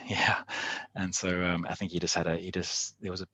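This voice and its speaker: A man's voice: deep voice, little pitch movement, normal speed, pushed and bright, slightly rough, dry recording. A man guest telling adventure stories in a casual interview, chatty, with frequent laughs. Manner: laughs often while recounting stories; loose, chatty phrasing full of "like". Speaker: guest, endurance athlete.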